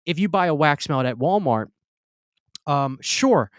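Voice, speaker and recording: A man's voice: a little high, expressive, unhurried, clean tone, no room sound, clean studio sound. Chatty man hosting a live Q&A. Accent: Southern US. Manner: chatty, stammers, reads viewer comments aloud. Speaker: livestream host. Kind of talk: casual live Q&A chat. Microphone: close studio mic.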